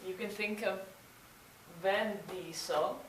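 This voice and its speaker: A woman's voice: mid-range voice, slow pace. A young woman teaching grammar, explaining the rules patiently, step by step. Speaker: Spanish teacher. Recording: echoey room, faint noise.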